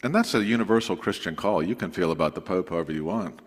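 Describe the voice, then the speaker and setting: A man preaching to his congregation in a relaxed, conversational way, with asides to the listeners. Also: sits low, fast talker. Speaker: pastor. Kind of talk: sermon announcements. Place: church sanctuary. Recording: long reverb of a church sanctuary.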